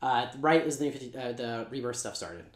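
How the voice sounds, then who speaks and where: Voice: mid-range voice, reverberant. A co-host of a comic book channel, retelling a comic plot in casual chat, rambling and cursing with lots of asides. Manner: rambling, profane, animated retelling with quick asides.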